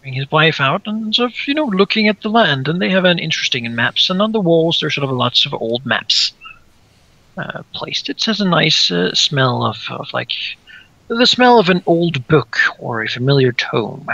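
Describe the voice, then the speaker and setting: A man narrating as game master of a tabletop game, halting with many fillers. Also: on the high side, very animated, gravelly, pushed and bright, no room sound, muffled recording.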